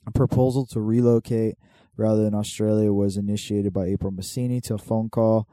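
Laid-back, swearing young man, dark tone. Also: on the low side, steady tone, a little fast, no echo. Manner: laid-back, swears often, reads aloud from notes. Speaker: podcast co-host. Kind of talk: casual chat.

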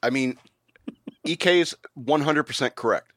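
A man's voice: mid-range voice, a little slow, a bit bright, no room sound, clean studio sound. A man hosting a podcast, chatting casually and profanely, mocking the news he reads out. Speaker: podcast host. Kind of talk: casual comedic banter.

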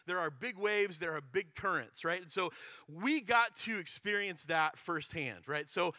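Bright, chatty high-voiced male pastor. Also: unhurried, no echo, studio quality. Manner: conversational, chatty with filler words. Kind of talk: sermon.

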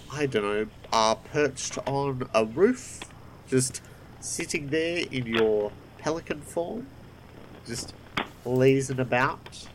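A man running a tabletop role-playing game as game master. He talks slowly and with a very lively, rising and falling pitch, pausing often with fillers. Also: slight background noise, low-quality recording. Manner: slow, halting, many fillers.

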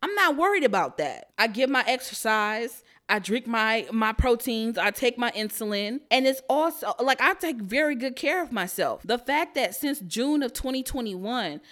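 A young woman hosting her own show, ranting in a heated, profane, emphatic way that turns quiet and somber at times. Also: a little high, expressive, normal speed, hardly any pauses. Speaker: podcast host. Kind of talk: profane solo rant.

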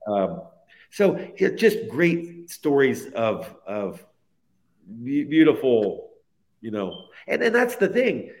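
A man's voice: medium pitch, very animated, slow pace, a little mellow. A man speaking as a guest in a podcast interview, telling a personal faith story in an earnest, heartfelt way that stacks phrases one onto the next.

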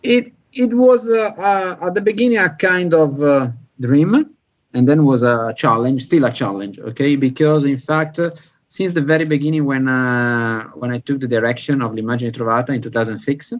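A man from Italy with an Italian accent, an interview guest who speaks halting English with many fillers. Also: mid-range voice, muffled recording.

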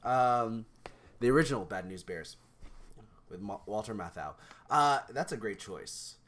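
A young man co-hosting a podcast in casual chat, talking in an animated, rambling way with many restarts. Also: fairly low pitch, unhurried. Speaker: podcast co-host.

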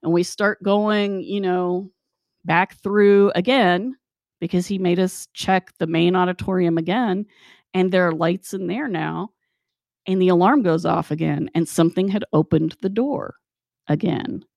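A woman casually telling a spooky personal anecdote, animated and acting out the dialogue. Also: on the low side, measured pace, creaky, no echo, studio quality. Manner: animated, acts out dialogue in quotes. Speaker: storyteller.

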